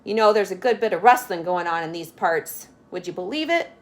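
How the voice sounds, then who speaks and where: A woman reading a children's story aloud and voicing a chatty, probing country policeman in a loud, raised voice. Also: lowish voice, lively intonation, a little fast, close to an everyday voice. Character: friendly, nosy country policeman, adult man.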